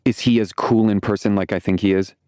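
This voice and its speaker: An excitable, flamboyant young man in his twenties gushes and teases with dramatic flair, as a male audiobook narrator puts him on. The voice sits clearly above the narrator's own and lands a little louder. It is read in a dry, close, dead-sounding space. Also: on the low side, fairly quick, no echo, pitched above the performer's own voice, close to an everyday voice. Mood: gushing. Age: 20s. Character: gushing flamboyant young man on a video call.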